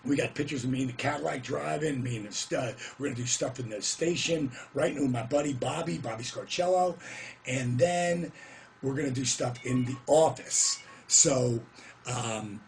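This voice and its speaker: A middle-aged man telling a story to camera in a casual, animated way, whooping now and then and putting on voices for the people he quotes. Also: medium pitch, moderate pace, gravelly, soft background music.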